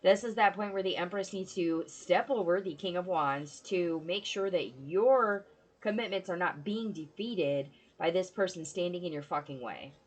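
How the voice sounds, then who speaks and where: Woman doing a tarot reading, lowish voice, blunt and sweary, chatty. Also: moderate pace. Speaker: tarot reader.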